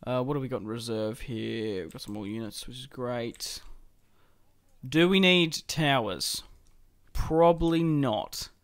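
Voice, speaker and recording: A man's voice: mid-range voice, unhurried. A young man hosting a let's-play, casually talking through a strategy game, swearing and laughing as he plays. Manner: casual and chatty, swears and laughs while playing. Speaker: gaming channel host.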